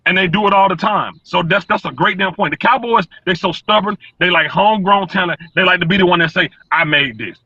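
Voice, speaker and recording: A man weighs in on a fan panel from inside his truck, blunt and cursing freely as he stumbles over repeated words. His voice is high, bright and husky. It comes through a dry, dull, lo-fi call line. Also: fast, few pauses, dry recording. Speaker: sports podcast panelist. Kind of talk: casual sports talk.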